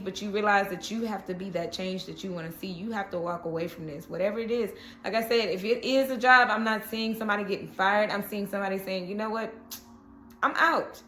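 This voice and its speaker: A woman's voice: mid-range voice, a bit bright, reverberant. Chatty woman reading tarot cards. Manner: chatty, reassuring, with frequent "okay?". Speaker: tarot reader.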